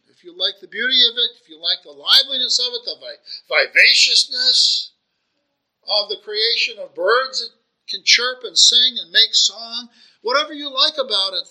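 A man's voice: extremely high pitch, bright, forceful tone, low-quality recording. A man preaching a sermon, earnest and searching, asking rhetorical questions and often restarting his phrases.

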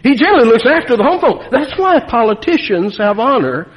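Animated folksy preacher man in a hall. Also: very high voice, brisk, highs cut off. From Nevada. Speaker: pastor. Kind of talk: sermon. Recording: long reverb of a church hall.

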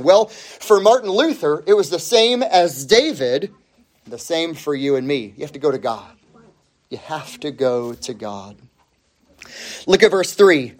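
A man preaching a sermon, emphatic, stretching key phrases out slowly and rising sharply on the points he stresses. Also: fairly high pitch, sing-song. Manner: emphatic, with slow drawn-out phrases and sudden rises.

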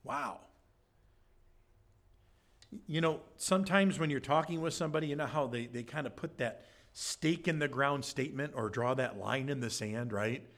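The pastor's voice is somewhat bright and moves at a moderate pace. His Bible-study sermon feels conversational, sprinkled with "right?" asides and quotes he acts out through pitch changes.

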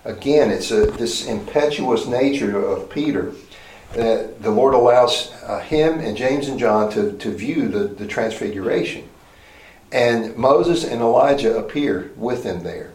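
A man's voice: mid-range voice, animated, measured pace, darkish tone. A man preaching a Bible lesson in a conversational way, asking rhetorical questions and often restarting his sentences. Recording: roomy echoey hall.

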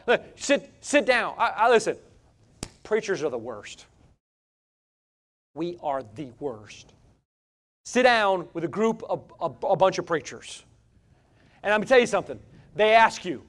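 A man preaching from the pulpit in a notably high voice. He drives his points hard and loud, then drops almost to a murmur for emphasis, with a fast, restless delivery. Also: lively intonation. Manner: swings from loud exhortation to hushed intensity. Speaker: pastor. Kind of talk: sermon.

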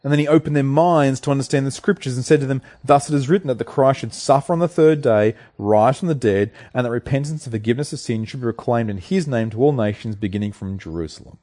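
A man's voice: mid-range voice, quick pace, hardly any pauses, mellow. A man preaching a sermon, explaining a passage in an earnest, teaching way with occasional fillers and restarts.

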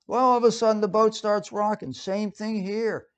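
A man's voice: high-pitched, moderate pace, hardly any pauses, clear, resonant tone. Conversational man preaching a sermon. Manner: conversational, lively, with frequent fillers and restarts.

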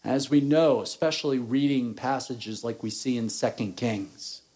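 A man preaching a sermon, reading scripture and explaining it slowly and deliberately, rising in force at times. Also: medium pitch, fairly even intonation, darkish tone. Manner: slow, deliberate preaching, rising in intensity at points. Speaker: pastor.

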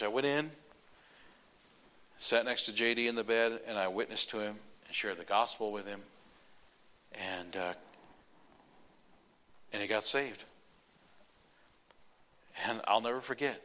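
Bright-voiced storytelling preacher. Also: male voice, on the low side. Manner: animated, runs on with repeated "and". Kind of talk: sermon with personal storytelling.

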